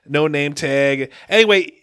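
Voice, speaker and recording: A man's voice: on the high side, measured pace, clean tone, no room sound, studio quality. A middle-aged man co-hosting a podcast, telling stories in casual chat and laughing often. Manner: animated storytelling, laughs often. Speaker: podcast co-host.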